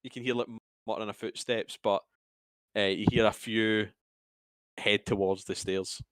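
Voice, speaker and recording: Halting game master. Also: male voice, fairly low pitch, steady tone, background noise. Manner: halting, swears freely, many restarts. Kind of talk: narrating a tabletop game.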